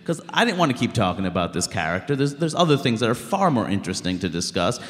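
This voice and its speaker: This Queens, New York comic in his thirties talks fast in a lowish voice, sounding blunt and animated as he peppers a live stage interview with "like." He's on a show stage in a hall, and the recording rings with the room's reverberation.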